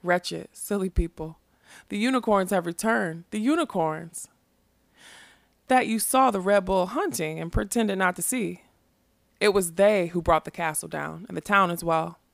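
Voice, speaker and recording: A woman's voice: lowish voice, a little slow, gravelly, no room sound, clean studio sound. Woman doing a young king, stern, commanding, grave, storybook reading. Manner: firm, grave.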